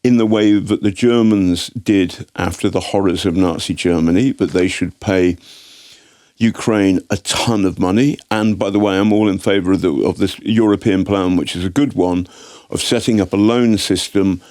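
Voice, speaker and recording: British male guest, very deep voice, firm, dry studio sound. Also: steady tone, moderate pace, darkish tone, dry recording. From Britain. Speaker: guest journalist. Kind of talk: studio interview.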